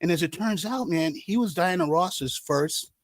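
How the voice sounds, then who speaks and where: A man on a podcast telling stories with lively acted-out quotes, dropping to a hush for sad moments. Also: fairly high pitch, normal speed, no echo. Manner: animated storyteller acting out quotes, trails into hushed tones. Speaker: guest, artist manager and concert promoter. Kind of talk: casual storytelling chat.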